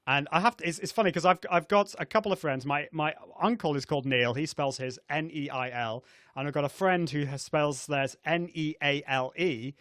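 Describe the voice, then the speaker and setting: A man's voice: a little high, fairly quick, fairly bright tone, no room sound, studio quality. Chatty man hosting a live show. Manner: chatty, many fillers and restarts, laughs often. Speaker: host of a live video show. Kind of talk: casual live-stream chat. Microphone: video call setup.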